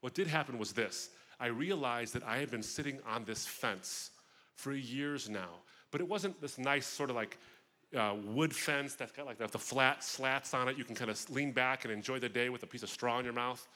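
A man with a bright, clear-edged voice speaks to a crowd as a guest speaker, recounting a personal testimony. He tells the story expressively, pausing for vivid asides, with his pitch sitting in an ordinary middle range. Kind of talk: personal testimony talk at a festival.

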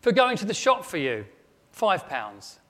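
A man's voice: high-pitched, huge pitch swings, measured pace, fairly bright tone, pitched above the performer's own voice, full character voice. Man doing a cheeky young boy. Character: cheeky young British boy billing his mum. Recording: long echo of a large hall.

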